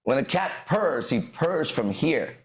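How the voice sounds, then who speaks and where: A man's voice: fairly high pitch, big pitch swings, a little slow, slight background noise. A man hosting a podcast and giving a profane, swaggering motivational monologue. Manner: swaggering, profane, bursts into shouted lyrics. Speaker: podcast host and dating coach. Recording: echoey room.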